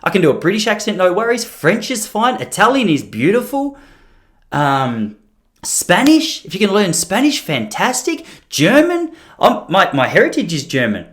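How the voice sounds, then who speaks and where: Lively joking Australian man. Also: high-pitched, normal speed. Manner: joking, rambling, slips into playful mimicry. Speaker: podcast host. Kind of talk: casual chat to camera. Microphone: on camera.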